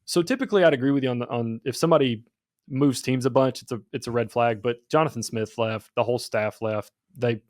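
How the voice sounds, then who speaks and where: A man's voice: mid-range voice, quick pace, darkish tone, dry recording, clean studio sound. Casual male sports podcast host.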